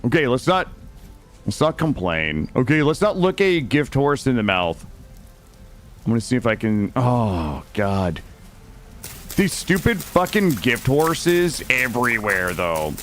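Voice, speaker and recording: Here a gamer chats with viewers during a live stream, cracking crude jokes and wandering from topic to topic, recorded closely on a studio dynamic mic. His voice is very animated, unhurried and fairly bright, rising and falling constantly with playful energy.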